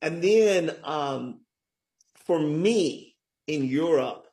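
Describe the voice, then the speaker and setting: A man's voice: a little high, expressive, extremely slow, darkish tone. Chatty middle-aged man, full of "right?". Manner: chatty, lots of "right?" tags, emphatic. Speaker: guest, author. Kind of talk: casual interview talk.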